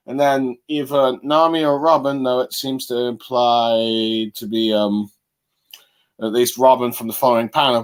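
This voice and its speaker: Rambling male host reviewing comics. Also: medium pitch. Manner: rambling, halting with many fillers. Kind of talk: casual comic chapter review.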